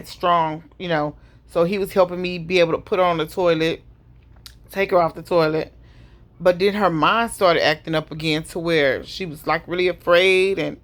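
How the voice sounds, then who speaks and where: Middle-aged woman telling her own hard story, kinda low voice, heavy, sighing between bits. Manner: heavy, emotional retelling with pauses and sighs. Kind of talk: personal storytelling to camera.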